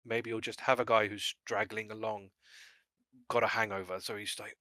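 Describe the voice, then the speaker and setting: Bright, chatty man with a dry sound. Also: lowish voice, level tone, moderate pace, no echo. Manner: rambling, with frequent restarts and small laughs. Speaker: co-host discussing game mastering. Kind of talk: casual discussion.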